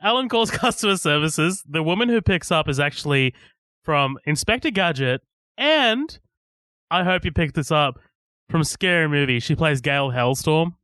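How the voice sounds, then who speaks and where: A man's voice: a little high, expressive, normal speed, bright, forceful tone, no room sound. A man co-hosting a podcast, chatting casually about a movie he loved as a kid, swearing often and laughing a lot. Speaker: podcast co-host. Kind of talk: casual movie commentary chat.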